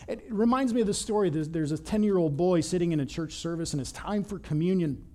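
A man as pastor, giving a conversational sermon with animated storytelling, often repeating words as he starts a sentence. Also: high-pitched, fast talker.

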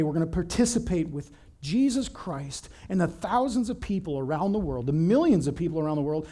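A man as pastor, giving a conversational sermon with animated storytelling, often repeating words as he starts a sentence. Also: a little high.

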